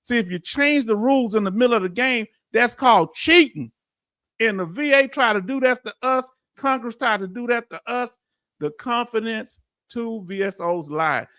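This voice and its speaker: A middle-aged man with a Southern US accent hosting a livestream, reading viewer comments in a folksy, preacher-like, animated way. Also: very high voice, moderate pace, no echo, studio quality. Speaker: veterans benefits channel host.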